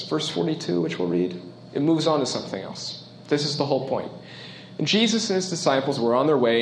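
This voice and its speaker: A male pastor delivers a sermon in a relaxed, conversational manner, stressing key points and often asking his listeners questions. His voice sits in a middle range. The room around him is roomy and echoey, with a faint background hum. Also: medium pitch. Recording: roomy echo.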